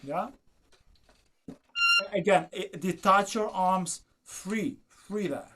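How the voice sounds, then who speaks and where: A man's voice: high-pitched, takes it slowly, over music. Male violin teacher, coaxing, sings phrases, violin playing behind. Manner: coaxing, sings phrases, asks "do you understand?". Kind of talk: masterclass coaching.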